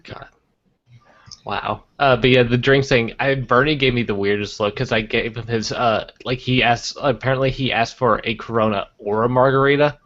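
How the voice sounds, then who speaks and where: A man's voice: medium pitch, steady tone, normal speed, fairly bright tone. A man chatting on a podcast, laughing and reacting to stories. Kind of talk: casual podcast chat. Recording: dull lo-fi audio.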